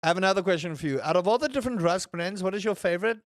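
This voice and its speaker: A gaming streamer chatting casually with viewers while playing, rambling and swearing, with sudden high outbursts. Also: rapid-fire, dry recording, studio quality. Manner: animated, rambling, swears, jumps to high shouts.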